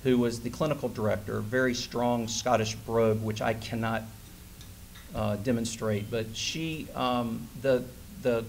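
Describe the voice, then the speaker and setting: A man in his forties giving a conference keynote, telling a personal story with lively, acted-out dialogue. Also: mid-range voice, unhurried, gravelly, a little hiss or hum. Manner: animated storyteller who acts out quoted dialogue. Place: conference hall stage.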